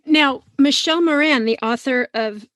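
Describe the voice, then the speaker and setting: A woman hosting a book podcast, articulate and expressive as she asks her guest questions. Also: high-pitched, normal speed, dry recording. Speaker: podcast host. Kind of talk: casual conversational interview.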